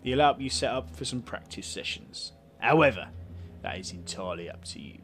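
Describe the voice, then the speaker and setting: A man voicing a big, bearded, calm male station councillor from a video game, with a Cockney accent, clipping words like 'em. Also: fairly low pitch, normal speed, faint music behind. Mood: calm, welcoming. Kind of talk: reading game dialogue aloud.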